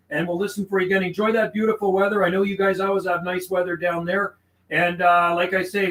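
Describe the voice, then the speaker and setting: A man's voice: high voice, fairly bright tone, roomy sound, low-quality recording. A man working as an amateur radio operator, chatting over the air in call signs and codes, then talking to himself as he logs his contacts. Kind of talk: casual radio call and logging chat.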